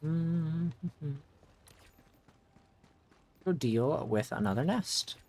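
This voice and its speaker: A man's voice: on the high side, animated, extremely slow, a little mellow. A man streaming a video game, giving casual running commentary that rambles and often restarts mid-thought to correct himself.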